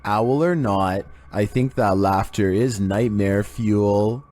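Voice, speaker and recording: A man narrating a creepy video countdown in a flat, monotone scripted delivery. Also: fairly low pitch, slow.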